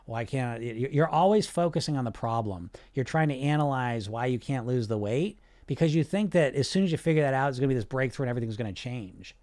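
A man of average pitch coaches his listeners on a podcast in a casual, direct way. He keeps asking rhetorical questions and checking in with a quick "right?" or "you see?", with the odd swear word. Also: lively intonation, darkish tone. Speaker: weight loss coach and podcast host.

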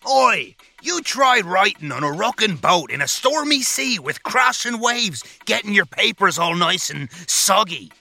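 A man voicing a boisterous male pirate with a British accent, gruff and playful in a children's educational podcast. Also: high-pitched, big pitch swings, a little slow, few pauses, pushed and bright, exaggerated voice. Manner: growly pirate talk, playful and bossy.

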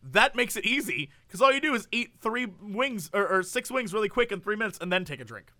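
A man's voice: high voice, big pitch swings, fairly quick, pushed and bright, no echo, clean studio sound. A man chatting casually on a podcast, animatedly telling a story and acting out the people in it.

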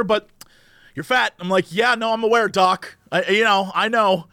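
A young man co-hosting a casual podcast, telling comic stories and doing quick impressions of the people he quotes. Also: high-pitched, sharp tone, no echo. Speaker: podcast co-host.

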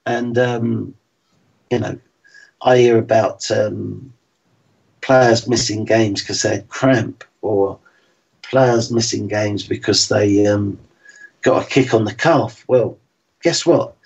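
A man's voice: lowish voice, fairly even intonation, slow pace, vocal fry, pauses often, darkish tone, slightly rough. Frank, plain-spoken man in his sixties. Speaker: former footballer as guest. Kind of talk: reflective interview talk. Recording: slightly dull lo-fi sound.

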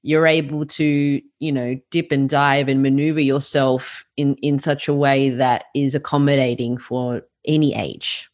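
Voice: medium pitch, flat delivery, measured pace, hardly any pauses. A podcast host interviewing a guest, responding in an affirming, thoughtful way. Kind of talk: conversational interview.

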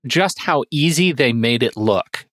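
Rich: A man in his forties hosts a casual film chat on a podcast. He gropes for words, stops and restarts his sentences often. His voice is mid-pitched, and the sound is dry and close. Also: lively intonation, fairly bright tone, no room sound. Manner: halting, many fillers and restarts. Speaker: podcast host.

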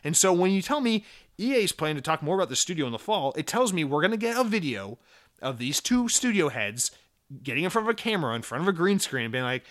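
Male gaming podcast host, fairly high voice, sarcastic and exasperated, swears freely. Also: expressive, quick pace, a bit bright. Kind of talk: casual opinionated news rant.

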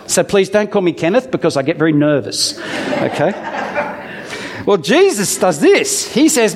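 A man delivers a chatty, story-driven sermon, reading scripture aloud and then explaining it with playful asides. His voice sits fairly high for a man and swoops up and down with lively expression. He talks to the congregation as if chatting with friends. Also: moderate pace, long pauses. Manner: animated storytelling with humorous asides. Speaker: preacher. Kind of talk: conversational sermon with Bible reading.

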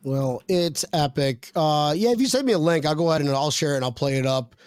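A man's voice: on the high side, a little fast, darkish tone, no echo. A man hosting a casual podcast chat, joking around and reading viewer comments aloud. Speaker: podcast host.

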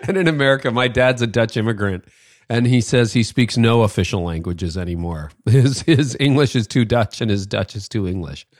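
A man's voice: mid-range voice, moderate pace, no room sound, studio quality. A man hosting a podcast, reading an ad and interviewing a guest in an upbeat, chatty way with casual fillers. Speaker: podcast host.

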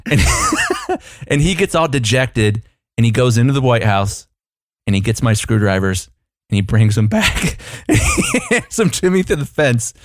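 A man co-hosting a podcast, telling a rambling, animated anecdote in casual chat, full of fillers. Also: mid-range voice, unhurried, no room sound. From United States. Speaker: podcast co-host.

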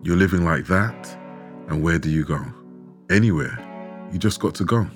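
A man telling a true story in measured, dramatic scripted narration, with rhetorical questions. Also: low-pitched, lively intonation. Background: background music.

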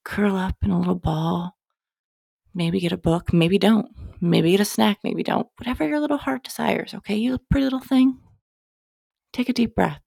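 Woman doing a sweet high mama voice, cooing pet names, kinda bossy-tender, gravelly. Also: moderate pace, warm tone, no room sound, studio quality. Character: doting motherly woman coaxing you to rest. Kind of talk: playful mothering bit.

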